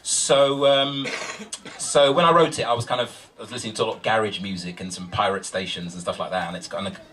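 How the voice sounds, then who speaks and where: A man's voice: lowish voice, steady tone, brisk, sharp tone, distant mic. A man, a spoken word poet, chatting casually and self-mockingly to a live audience before his poem, with plenty of ums and uhs.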